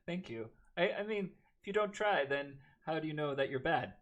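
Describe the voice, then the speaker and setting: In this classroom lecture, a man teaches math by talking through the steps, with chatty jokes directed at his students in between. His fairly high voice has lively intonation and a slightly bright quality, at a moderate pace.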